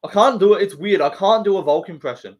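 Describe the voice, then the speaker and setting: A young Australian man chats on a live stream, reading out viewer comments and shooting back jokes. He talks fast in a slightly high voice for a man, loose and packed with slang and swearing. The recording sounds muffled.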